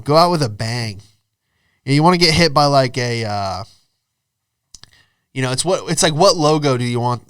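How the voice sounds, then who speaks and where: A man's voice: mid-range voice, fairly bright tone, clear, resonant tone, no room sound, clean studio sound. Laid-back guy telling stories. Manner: rambling, laid-back, says dude and you know a lot. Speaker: podcast host and comedian. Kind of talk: casual storytelling chat.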